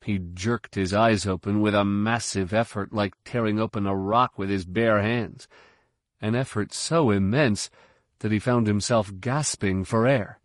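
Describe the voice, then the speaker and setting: Slow, low-voiced male narrator. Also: fairly even intonation, no room sound, clean studio sound. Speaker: audiobook narrator. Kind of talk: scripted narration.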